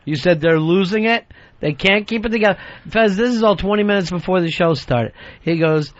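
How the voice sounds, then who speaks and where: A man's voice: sits high, brisk. A man hosting a radio talk show, taking calls and scolding in a brash, profane, mock-stern way. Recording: dull dry 2000s radio broadcast.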